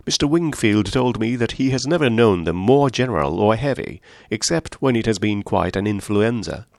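A man voicing an eager, affectionate young mother who chats warmly. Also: lowish voice, lively intonation, moderate pace, creaky, no echo, studio quality.

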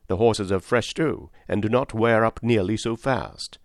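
A man's voice: on the low side, a little slow, dry recording, clean studio sound. A man reading an earnest honest cabman. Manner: earnest, respectful, plain-spoken. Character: honest hardworking male London cabman, steady and devout. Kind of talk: audiobook character reading.

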